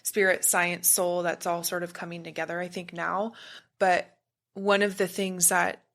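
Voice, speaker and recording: A woman who is a spiritual practitioner speaks as a podcast guest in casual conversation, her fairly low, slightly bright voice moving little in pitch and a little slow. She meanders as if searching for words, sometimes buzzing to illustrate a point.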